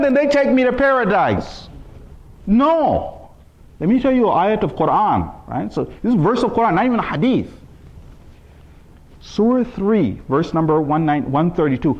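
Emphatic male preacher, lively pitch. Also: highs cut off. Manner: emphatic, rising to high exclaiming peaks; recites scripture in Arabic. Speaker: speaker at a religious gathering. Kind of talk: sermon.

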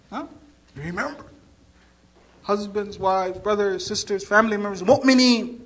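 A man delivering a storytelling sermon, animated and acting out the voices in his story. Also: sits high, unhurried, long pauses, slightly rough, rough recording. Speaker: preacher.

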